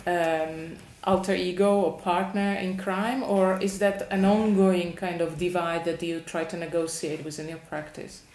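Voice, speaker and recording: A woman interviewing an artist, asking long, thoughtful questions with small pauses and restarts. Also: fairly low pitch, flat delivery, darkish tone, echoey room. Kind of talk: conversational interview.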